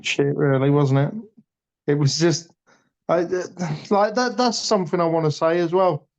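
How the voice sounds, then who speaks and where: A man's voice: on the high side, normal speed. A man chatting casually about boxing on a podcast, blunt and passionate, swearing freely. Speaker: boxing pundit. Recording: dull lo-fi audio.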